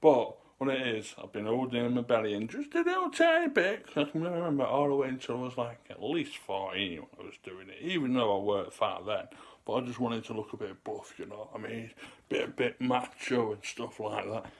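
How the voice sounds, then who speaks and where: Talking casually to camera, this man in his 30s rambles in a loose, chatty way and is out of breath at times. His mid-range voice is very animated and brisk.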